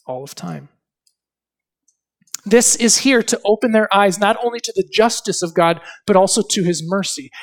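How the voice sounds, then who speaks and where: A male preacher giving an expository sermon, asking rhetorical questions and reading scripture with dramatic emphasis. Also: high voice.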